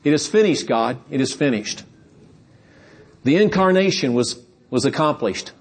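Husky-voiced male preacher. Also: medium pitch, animated, normal speed. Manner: earnest, explanatory, with repeated words and emphatic build-ups. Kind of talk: sermon.

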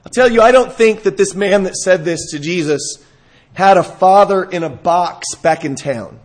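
A man preaching a sermon, reading scripture and talking it through, rising to emphatic peaks and dropping low. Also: normal speed. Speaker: pastor.

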